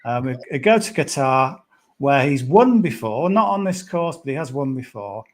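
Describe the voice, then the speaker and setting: A man's voice: mid-range voice, sing-song, normal speed. A man with a middling voice talks through golf tips in an easygoing podcast chat. He meanders, trails off and restarts, and pads his thoughts with fillers. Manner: rambling, hesitant, lots of "sort of" and "yeah". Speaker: golf betting pundit.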